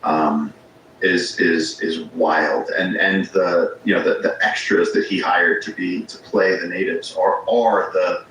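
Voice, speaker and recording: A man's voice: low-pitched, steady tone, unhurried, a bit bright. A man, a podcast guest, telling rambling stories in casual conversation, often restarting his sentences. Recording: very echoey room with faint ambience noise.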